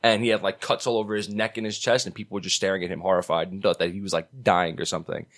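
A man co-hosting a podcast in casual chat, telling stories in an animated way and laughing often. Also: low voice, racing. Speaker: podcast co-host.

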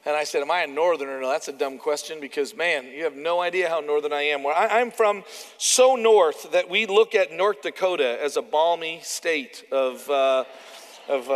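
Man, Canadian accent, preacher, conversational sermon, animated, fairly high voice, long hall reverb. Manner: conversational, animated, acts out quotes.

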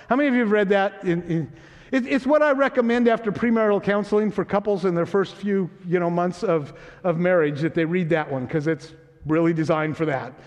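A man with a notably high voice delivers a sermon in a church sanctuary, his words trailing off into a long hall reverb. He preaches in an easy, conversational way, teasing gently and checking in with his congregation. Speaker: pastor.

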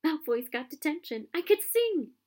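A woman voicing a clever, eager schoolgirl who talks brightly and excitably. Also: sits high, moderate pace, pitched above the performer's own voice. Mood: gleeful.

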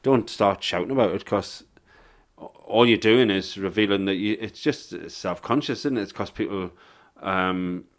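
A man with a fairly low voice talks comedy in a casual podcast chat. He's blunt and laid-back and swears freely. He sounds like an experienced middle-aged comic. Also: unhurried. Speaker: stand-up comedian.

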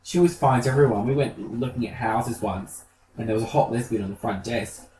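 A man's voice: medium pitch, a little fast, roomy sound, far from the mic, noisy background. A man co-hosting a podcast, telling camp gossipy stories with plenty of swearing. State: feeling unwell. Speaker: podcast co-host. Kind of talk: casual chat.

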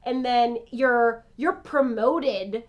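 High-voiced joking young woman. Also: drawn-out words. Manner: reactive, joking, rambling when serious. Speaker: podcast co-host. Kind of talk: casual chat.

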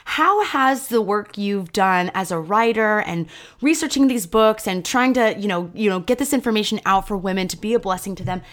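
A woman's voice: mid-range voice, expressive, normal speed. Chatty woman host, affirming tone. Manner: warm, affirming questions with many fillers. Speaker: podcast host. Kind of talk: casual interview talk.

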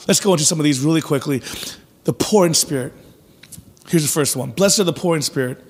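A man preaching a sermon in a church sanctuary, his voice sitting fairly high with a husky, breathy edge. He talks to the congregation conversationally and acts out little asides with energy. A long reverb from the large hall trails each phrase. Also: a little fast, pauses often. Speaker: pastor.

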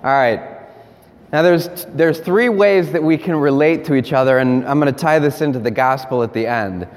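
A man's voice: medium pitch, normal speed. Male priest, playful interactive preacher, hall reverb. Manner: playful, laughing, coaxing volunteers. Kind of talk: interactive homily with volunteers. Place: large hall with audience.

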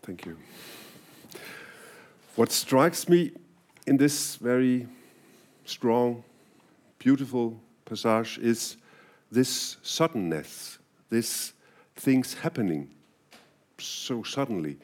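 A man interviewing an author, asking questions in slow, deliberate phrases. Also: mid-range voice, expressive, darkish tone.

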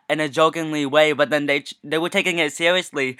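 A young man co-hosts a casual podcast, telling stories in a playful, joking manner. His voice is on the high side, sharp in tone yet smooth, with fairly even intonation, and he talks fast with few pauses. The recording is dry and studio-clean.

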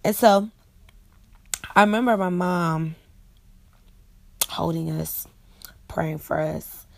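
A woman's voice: on the low side, slow pace, creaky. A woman in her late twenties hosting a solo podcast, talking in an earnest, personal and conversational way. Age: 20s. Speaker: podcast host. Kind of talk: reflective solo podcast talk.

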